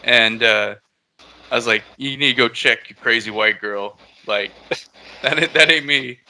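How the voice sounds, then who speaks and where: A man's voice: mid-range voice, a little slow, pushed and bright. A man casually telling a long story on a podcast, laid-back and swearing a lot.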